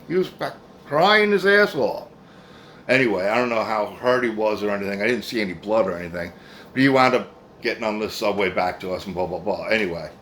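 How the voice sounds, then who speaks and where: A middle-aged man, low in pitch, tells a meandering, profane story in a casual way. He keeps circling back with asides. A faint noise sits under the recording. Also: a bit bright. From New Jersey, USA. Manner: rambling, profane, frequent "anyway" asides.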